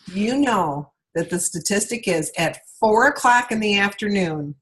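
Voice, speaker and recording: A woman at an ordinary middle pitch leads a training session for her sales directors over a video call. She talks in a chatty, looping way and often stops to check in with "all right?" before moving on. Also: animated, measured pace, poor audio.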